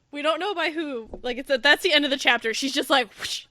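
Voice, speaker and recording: A woman hosting a podcast, chatting casually about a book and acting out its lines with big swings in her voice. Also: brisk. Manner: animated, acts out quotes with big pitch jumps. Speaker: podcast host. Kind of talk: casual book discussion chat.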